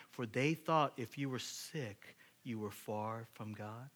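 A man preaching a sermon to his congregation, animated, asking rhetorical questions and building up to loud, excited peaks. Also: medium pitch, slow, few pauses. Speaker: pastor.

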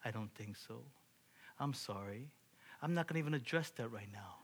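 A preacher voicing a calm, authoritative Jesus. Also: male voice, mid-range voice, moderate pace, husky. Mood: firm. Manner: firm, matter-of-fact dismissal.

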